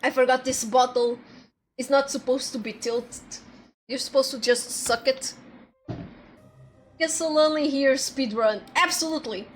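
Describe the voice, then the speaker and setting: A woman's voice: high-pitched, a little slow, long pauses, slight background noise. A woman streaming a game, chatting playfully with her viewers and swearing often. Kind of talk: casual game-stream chat. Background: faint background music.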